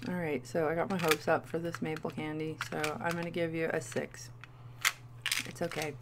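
A woman's voice: deep voice, little pitch movement, normal speed, very noisy. A woman in her thirties doing a playful candy review vlog, with goofy asides. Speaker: vlogger.

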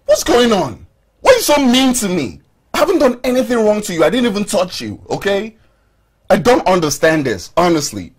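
A man's voice: mid-range voice, sing-song, moderate pace, breathy edge. A man playing an earnest man who insists on caring for a pregnant woman, talking in a pleading, defensive way. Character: earnest man, insistent, eager to care for her. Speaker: man trying to stay close to a pregnant woman. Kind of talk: film acting.

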